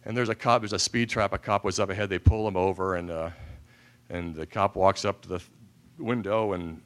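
A man's voice: low-pitched, steady tone, brisk, a bit bright. A man giving a speech to an audience, telling self-deprecating humorous anecdotes and acting out the voices in them. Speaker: speaker at an event.

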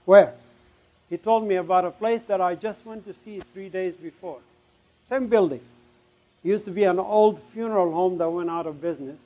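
A middle-aged man telling his testimony as a story. He speaks emphatically and acts out the remembered conversations, dropping suddenly to a hush at times. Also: high-pitched, fairly quick. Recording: dull, lo-fi recording.

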